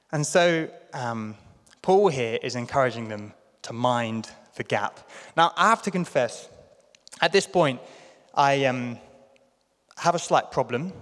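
Chatty British preacher in a church hall. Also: male voice, medium pitch, fairly bright tone. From London. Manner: chatty, self-deprecating, puts on playful voices for quotes. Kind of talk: sermon.

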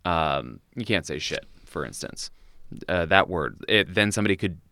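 A man on a podcast patiently explains a technical idea, pausing and restarting as he goes. His voice is very deep and smooth. The recording is dry and close. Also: expressive, bright, forceful tone, no room sound. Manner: explanatory, hesitant with fillers. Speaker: podcast co-host. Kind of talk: casual chat.

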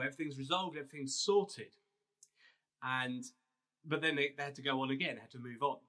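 A man's voice: mid-range voice, pushed and bright. A man, a pastor telling a Bible story as a casual, conversational sermon. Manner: storytelling, conversational with restarts and fillers.

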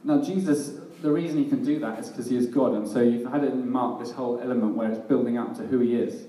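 A man's voice: mid-range voice, steady tone, fast, mellow. A man preaching a sermon in a casual, self-deprecating way, often laughing at himself. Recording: echoey hall, mic at a distance.

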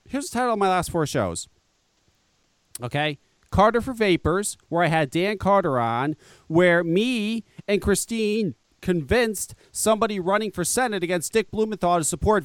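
A man's voice: sits high, smooth, no room sound. A man hosting a live podcast, ranting angrily and swearing as he mocks the people he talks about. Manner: angry, mocking, swears, laughs at critics. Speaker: podcast host. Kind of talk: profane ranting live show.

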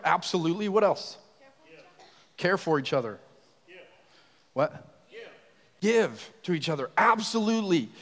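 A man preaching a sermon, telling a personal story and asking the congregation questions in an animated way. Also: high-pitched, long reverb tail. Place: church sanctuary.

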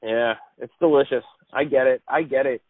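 A man in casual conversation who talks haltingly with many fillers. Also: mid-range voice, steady tone, no room sound. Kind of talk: casual chat. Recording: dry, tinny phone-like line.

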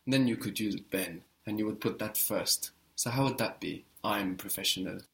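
A man's voice: on the low side, normal speed, gravelly, fairly bright tone. A man teaching a language lesson, patiently modeling words and encouraging the learner.

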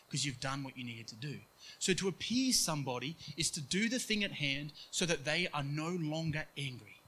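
Bright high-voiced male preacher. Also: slightly rough, low-quality recording. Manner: earnest, acts out quoted voices in hushed tones. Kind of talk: sermon.

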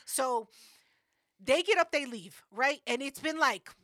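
A young woman talks on a podcast, loud and brash, and she swears a lot. Her voice is high and bright. It's a close, dry recording. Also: lively intonation, unhurried, no room sound. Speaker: podcast co-host. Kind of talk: casual chat.

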